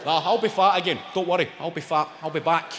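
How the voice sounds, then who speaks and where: A man's voice: on the high side, fast talker, background noise. A man with a Scottish accent doing brash, sweary stand-up comedy, mocking the crowd. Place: large comedy venue, on stage. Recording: live hall, roomy and reverberant. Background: audience laughter.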